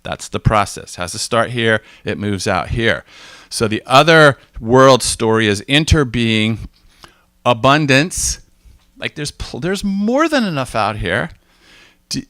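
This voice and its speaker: American man, mid-pitched, casual talk to a group, acts out quotes, dry close sound. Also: no room sound. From United States. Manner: animated storytelling, acts out quoted exchanges, frequent restarts. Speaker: speaker.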